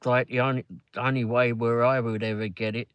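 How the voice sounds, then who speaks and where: Riding in a car during a live ride-along, a man from England with a London accent chats casually, rambling with plenty of fillers and free swearing. His mid-range voice is level in tone and brisk, a bit bright and clean, with no echo.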